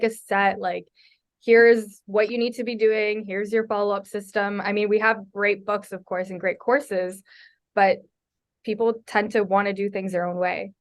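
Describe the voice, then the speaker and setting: Female podcast co-host; conversational, reflective, casual fillers. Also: mid-range voice. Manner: friendly, reflective, uses "like" a lot.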